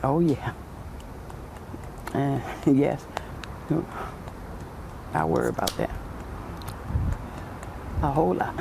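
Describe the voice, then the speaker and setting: An older woman interviewed for the news, speaking slowly and emotionally, close to tears. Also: extremely low pitch, creaky, noisy background. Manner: slow, emotional. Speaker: interviewee, cafeteria worker.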